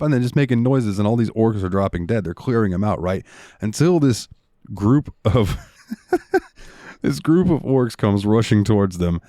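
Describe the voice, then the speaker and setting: A man's voice: fairly low pitch, lively intonation, normal speed, warm tone, no room sound, clean studio sound. A young man co-hosting a gaming podcast, telling stories in a loose, rambling way with lots of fillers. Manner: rambling storyteller, lots of ums and likes. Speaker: podcast co-host. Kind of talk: casual chat.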